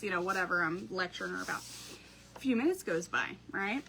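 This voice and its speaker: Hosting a craft live stream from home, a woman chats casually with viewers, tells stories and laughs often. Her mid-range voice moves fairly quickly with vocal fry, over slight background noise.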